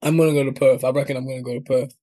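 A man's voice: mid-range voice, fairly even intonation, very fast, mellow. A man from New York with a New York accent, a guest chatting casually in an interview, slangy and laughing often. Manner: laid-back slangy talk, laughs often.

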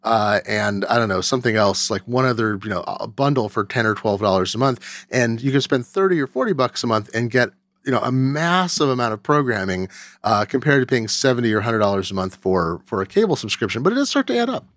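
A man in casual tech podcast chat, speaking at an average pitch. He hesitates a lot, filling gaps with "uh" and restarting sentences. The sound is close and dry, with no room around it. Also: sing-song, a little fast, fairly bright tone, dry recording. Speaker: podcast co-host.

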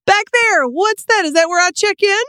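A woman improvising a nervous, flirty new fast-food employee over a video call. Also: very high voice, pushed and bright, no room sound, studio quality, pitched above the performer's own voice. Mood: flustered. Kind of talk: improvised comedy scene.

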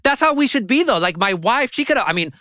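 A man whose first language was Spanish, a journalist guest telling stories in casual, profane, animated chat. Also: very high-pitched, fast, dry recording.

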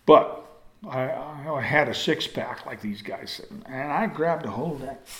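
Older guy spinning a folksy yarn, a bit high for a man, echoey room. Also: expressive, normal speed. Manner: folksy, rambling, acts out with gestures. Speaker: storyteller. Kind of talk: casual storytelling to an audience.

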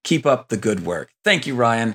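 A man's voice: mid-range voice, big pitch swings, normal speed, fairly bright tone. Rambling male podcast host. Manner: rambling, many fillers and restarts. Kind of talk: casual movie podcast chat.

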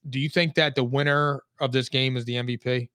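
A man's voice: mid-range voice, fairly even intonation, fairly quick, sharp tone, smooth, no room sound. A man co-hosting a casual sports podcast, chatty and rambling as he talks through football games and bets. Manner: chatty, rambling, easily laughing. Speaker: podcast co-host.

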